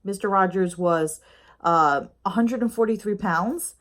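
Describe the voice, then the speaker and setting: A woman's voice: mid-range voice, measured pace, a bit bright. Middle-aged woman, casual home vlogger, chatty and rambling with filler words, mid-range voice. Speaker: YouTube reviewer. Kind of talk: casual review chat. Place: home with a snoring pet dog nearby.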